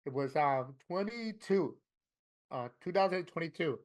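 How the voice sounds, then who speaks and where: A middle-aged man from Florida, a tattoo artist interviewed about his life, telling his story candidly with plenty of swearing and lively quoted dialogue. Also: fairly high pitch, a little slow. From Florida, USA.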